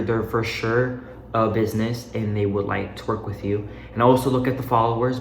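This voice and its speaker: A young man giving casual modeling advice while walking around a room, a little out of breath, chatty with loose restarts. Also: fairly low pitch. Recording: echoey room, faint noise.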